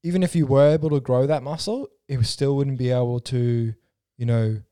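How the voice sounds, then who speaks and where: Mellow-voiced man talking fight sports. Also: medium pitch, fairly even intonation, moderate pace. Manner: thinks aloud with restarts, explains technique. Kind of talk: casual sports chat.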